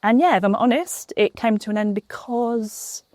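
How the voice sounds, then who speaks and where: A woman's voice: fairly high pitch, normal speed, a little mellow, no room sound. A woman film critic speaking as a guest, open and reflective. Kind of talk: interview answers.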